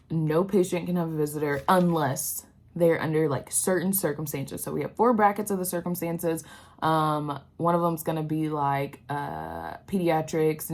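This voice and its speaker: A woman's voice: deep voice, darkish tone. A young woman talks candidly to her vlog viewers about her healthcare job, with lots of "um" and "like". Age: young adult. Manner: candid, emotional, many fillers like "um" and "like". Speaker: healthcare worker vlogger. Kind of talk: casual vlog talk to camera.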